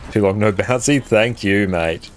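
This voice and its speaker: Deep-voiced Australian man chatting on stream. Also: normal speed, a little hiss or hum. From South Australia. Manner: relaxed, chatty, reads out chat and laughs easily. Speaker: live streamer. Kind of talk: casual chat while gaming. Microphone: desk microphone.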